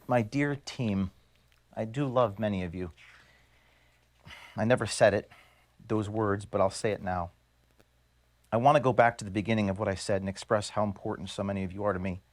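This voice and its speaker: A man, the founder of an organization, reading an earnest, measured video statement to his staff from his office. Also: lowish voice. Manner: earnest, measured, grievance-laden. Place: office at headquarters.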